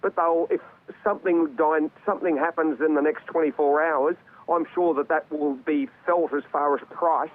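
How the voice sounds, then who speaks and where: Tinny-lined man talking markets, pitch slightly up. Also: steady tone, moderate pace. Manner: conversational, many fillers and repeated words. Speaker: market analyst guest. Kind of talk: live market commentary over a remote line. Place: remote link from another city. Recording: tinny phone-like remote line.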